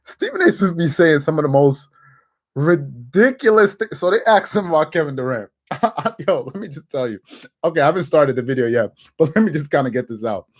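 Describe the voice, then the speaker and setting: A man hosting a casual sports commentary show, animated and laughing, with quick restarts. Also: on the high side. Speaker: host.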